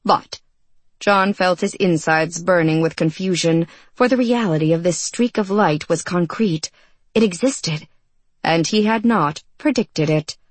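A woman reading a fantasy novel aloud in measured, even storytelling. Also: lowish voice, dry recording. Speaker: narrator. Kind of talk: scripted audiobook narration.

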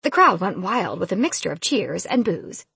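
Husky expressive woman narrator. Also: on the low side, normal speed, dry recording. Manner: expressive, lively storytelling. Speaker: audiobook narrator. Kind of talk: first-person fantasy audiobook narration.

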